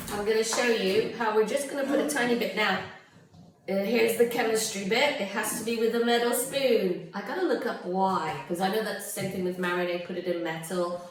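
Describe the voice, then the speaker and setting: A woman's voice: mid-range voice, very noisy. Chatty Canadian woman in an echoey kitchen. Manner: chatty, digressive, laughs often. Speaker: home cook. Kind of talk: chatty cooking vlog. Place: home kitchen. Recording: very echoey room, mic far off.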